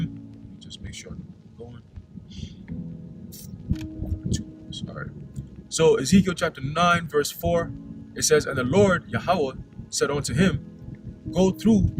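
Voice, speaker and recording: A young man preaching in a casual way, reading scripture verses aloud and often ending his lines with "man". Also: fairly high pitch. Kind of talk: informal scripture teaching.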